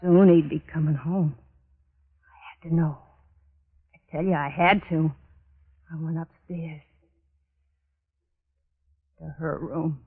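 Brief: unhinged, haunted murderess narrating her crime, slow and brooding, tinny old radio play. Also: deep voice, fairly even intonation, slightly rough, exaggerated voice. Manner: feverish, repeating herself, brooding. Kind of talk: 1940s radio acting.

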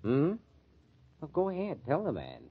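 An actor playing a sarcastic, tough-talking club owner in a 1940s radio drama. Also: male voice, on the high side, huge pitch swings, moderate pace, breathy edge, exaggerated voice. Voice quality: sneering, tough-guy slang. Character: gruff, sarcastic male club owner, middle-aged, bitter. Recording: muffled old radio recording.

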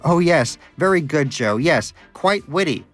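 A man's voice: expressive, unhurried, soft background music, close to an everyday voice. A man voicing Danish, a smug mocking hamster. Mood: sarcastic. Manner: mocking, theatrical, raised pitch. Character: smug greedy male pet hamster, sarcastic.

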